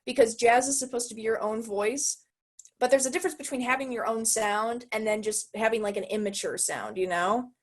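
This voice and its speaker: A young American woman talking on a video call, thinking aloud and hunting for the right words. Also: on the high side. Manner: searching for words, halting and thoughtful. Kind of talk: casual video call chat.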